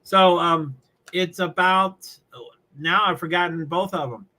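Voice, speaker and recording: Bright, chatty New man. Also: high voice, fairly even intonation, measured pace. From New England. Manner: rambling, self-interrupting, chuckling often. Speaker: live streamer. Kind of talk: casual live-stream chatter while watching a race.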